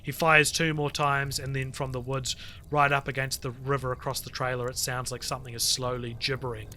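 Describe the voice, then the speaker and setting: A man on a podcast reading a creepy internet story aloud to friends, lively and full of swearing. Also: medium pitch, brisk, soft background music. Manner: animated storyteller, swears freely, breaks off to chat. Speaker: podcast co-host reading stories.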